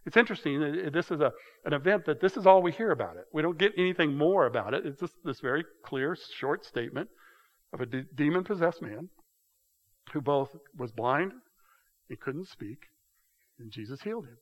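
A man teaching a casual Bible study in a conversational, halting way, often restarting and repeating words. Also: a little high, animated. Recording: dull sound with long hall reverb.

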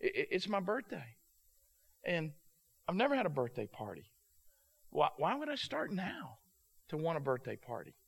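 A man voicing a soft-spoken, weary woman turning thirty-nine, who talks in a hesitant, halting way. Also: a little high, huge pitch swings, creaky, slightly rough, full character voice. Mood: wistful.

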